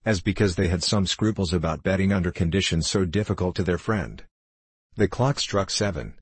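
A man narrating a classic novel in a steady, measured reading. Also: low-pitched, slightly rough, no echo. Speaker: audiobook narrator. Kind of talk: scripted narration.

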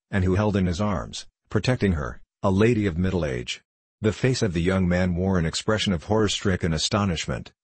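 A man narrates an audiobook at a measured, steady pace. His voice is very low and husky. The recording is dry and close. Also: dry recording.

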